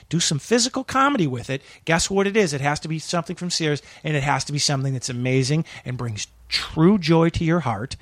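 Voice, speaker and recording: A man, a comedian guest on a podcast, telling a story in casual chat, profane and animated, acting out other people's voices. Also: on the high side, no room sound. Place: small room.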